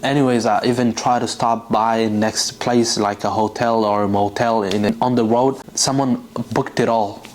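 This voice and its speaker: A man's voice: fairly low pitch, steady tone, normal speed, few pauses, a little hiss or hum. A man vlogger telling a long, rambling, exasperated story in a casual way, full of fillers and restarts.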